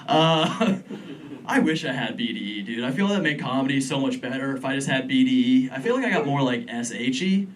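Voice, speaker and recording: A man's voice: mid-range voice, animated, a little fast, recorded from a distance, slight background noise. A young man doing a stand-up set in a comedy club, rambling and chuckling at his own jokes. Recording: club room, crowd laughter. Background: audience laughter.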